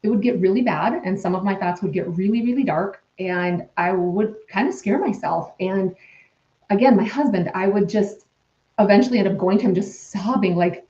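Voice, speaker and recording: Mellow-voiced woman in a roomy recording. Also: medium pitch, normal speed. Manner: rambling, earnest, full of restarts. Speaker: podcast guest. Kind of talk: candid personal storytelling. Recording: dull, roomy-sounding remote recording.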